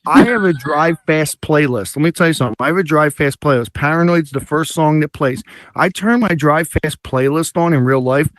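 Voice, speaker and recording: A man's voice: fairly high pitch, normal speed. A man hosting a live comedy talk show, telling a story casually and acting out the sounds a band makes. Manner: animated, imitates band sounds and acts out quotes. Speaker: show host.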